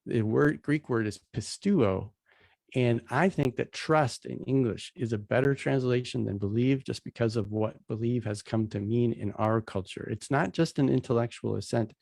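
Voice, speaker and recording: A man's voice: mid-range voice, normal speed, creaky, a little mellow, no echo. A man casually teaching a Bible passage, retelling its scenes in plain, everyday slang as he walks through slides.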